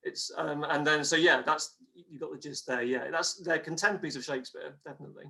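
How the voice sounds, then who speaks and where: Bright-voiced patient male historian. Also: fairly high pitch, fast, vocal fry. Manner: patient, explains with examples. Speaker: guest historian. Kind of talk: explanatory interview talk.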